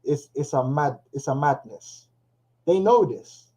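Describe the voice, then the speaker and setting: A man's voice: a little high, expressive, a little slow, mellow, rough recording. A man giving loose, slangy commentary on news clips, chuckling now and then. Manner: loose, slangy, laughs to himself. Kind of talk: casual commentary on played clips. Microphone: headphones on.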